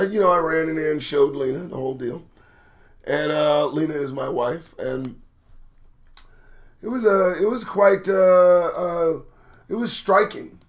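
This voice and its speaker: A middle-aged host with a voice on the high side runs a live-stream commentary show in a rambling, profane style. He calls out chat viewers by name as he greets them.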